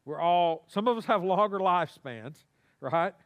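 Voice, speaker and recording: The voice of a male pastor, high for a man, fills a church sanctuary as he preaches at a moderate pace. His delivery is animated and homespun, and he often calls on the congregation for responses.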